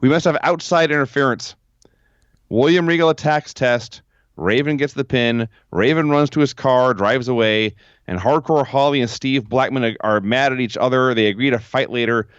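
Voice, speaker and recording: A man's voice: mid-range voice, moderate pace, clear, resonant tone, no echo. Casting: male podcast co-host, dry recapper, dull muffled line, close dry sound. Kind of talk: casual recap chat. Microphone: remote call from home.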